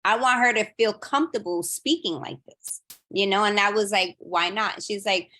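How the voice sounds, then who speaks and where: A woman's voice: medium pitch, moderate pace. A woman in her thirties chatting casually on a podcast, telling a family story and acting out what each person said. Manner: animated storyteller, acting out quotes. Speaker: audience member sharing a story. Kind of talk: casual chat.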